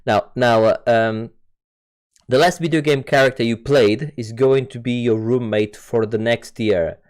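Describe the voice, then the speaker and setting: A man's voice: medium pitch, fairly even intonation, a little slow, a little mellow. Man, podcast host, casual chat, stumbly, repeats words, laughs a lot. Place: home setup, recorded over voice chat.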